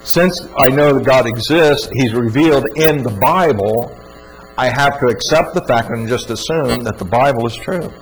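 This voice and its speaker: A man's voice: medium pitch, moderate pace, rough recording. Earnest male speaker for a scripture teaching talk, emphatic and repetitive, slight background hum. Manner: earnest, emphatic, repeats words. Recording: faint mains hum.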